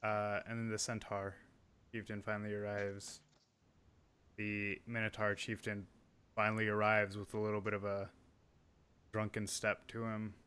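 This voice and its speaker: A man's voice: lowish voice, monotone, normal speed, long pauses, pushed and bright, smooth. A man narrating a tabletop role-playing game as game master, in a casual, chatty way with many fillers.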